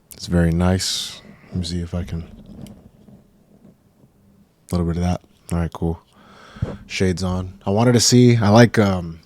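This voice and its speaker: A man's voice: sits low, a little mellow, no echo. A young man hosting his own podcast, rambling and profane in a laid-back, casual way. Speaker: podcast host. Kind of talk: casual solo podcast chat. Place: home recording room.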